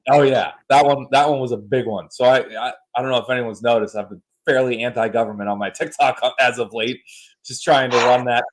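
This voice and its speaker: A man in his thirties hosts a casual podcast and tells stories with animated, joking energy. His voice sits in a middle pitch. He swears freely and easily. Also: a little fast, poor audio. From United States. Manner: animated storyteller, jokey and profane. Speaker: podcast host. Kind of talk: casual chat.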